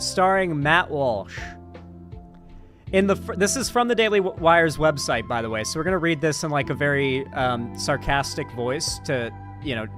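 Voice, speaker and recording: A man's voice: a little high, fairly bright tone. Profane man streaming political commentary. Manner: rambling, profane, sarcastic asides. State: sore throat. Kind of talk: casual live-stream commentary.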